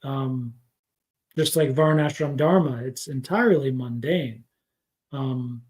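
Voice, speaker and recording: A man's voice: medium pitch, slow pace, a little mellow. A man teaching scripture in a casual livestream lesson, rambling and thinking aloud with many fillers. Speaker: spiritual teacher.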